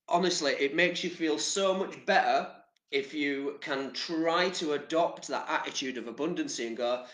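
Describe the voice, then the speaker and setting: A man's voice: fairly high pitch, normal speed, a bit bright, echoey room. An English man giving casual motivational talk to camera, chatty and rambling, with casual swearing. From England. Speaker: vlogger.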